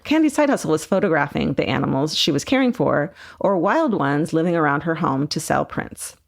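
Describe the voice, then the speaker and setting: A woman co-hosting a podcast, reading a listener's story aloud in an animated, laughing way. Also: low voice, a little fast, vocal fry. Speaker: podcast co-host. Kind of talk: casual podcast chat, reading a listener email.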